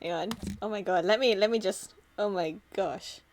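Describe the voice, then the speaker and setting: A woman's voice: mid-range voice, normal speed, slight background noise. A woman chatting casually on a live stream while she draws, laughing constantly between remarks.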